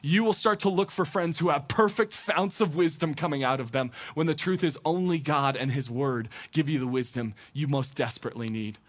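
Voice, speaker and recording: Young male pastor, high voice, chatty animated sermon delivery. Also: brisk, few pauses. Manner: conversational, animated, acts out quoted thoughts. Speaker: teaching pastor.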